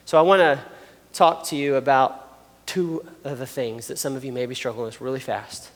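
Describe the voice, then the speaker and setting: A man's voice: mid-range voice, fairly even intonation, normal speed. A man preaching a sermon in an earnest, conversational way, with rising emphasis on his key points. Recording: long reverb, guitar music behind. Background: soft guitar music.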